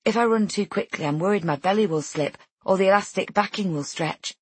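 A woman narrating a first-person novel in a measured, intimate way. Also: mid-range voice, slightly rough, dry recording. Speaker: audiobook narrator.

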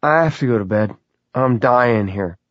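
A man voicing a weary, anxious grown man, a little higher than his usual tone. The sound is dry and dull, with a lo-fi edge. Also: lively intonation, fairly quick, husky, no room sound. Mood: shaken. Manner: tired, shaken.

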